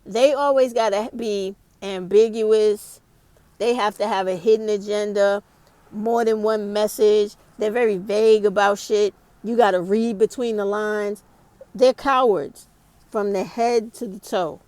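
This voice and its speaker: A woman's voice: medium pitch, fairly even intonation, measured pace, a little mellow, no room sound. A woman vlogger ranting to camera, blunt and heated, with a lot of swearing. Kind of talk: casual rant to camera.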